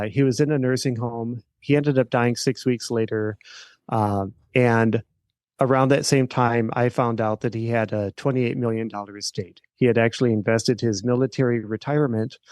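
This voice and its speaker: Middle-aged man, podcast guest, halting with many ums and restarts, mid-pitched voice, dry close mic. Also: a little mellow, dry recording. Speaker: podcast guest, estate planning attorney. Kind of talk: personal storytelling in an interview.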